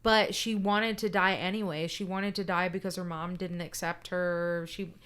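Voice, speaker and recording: A woman's voice: lowish voice, fairly even intonation, normal speed, fairly bright tone, smooth. A woman in casual podcast chat, telling a personal story bluntly, swearing often and checking in with "right?". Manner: emphatic and candid.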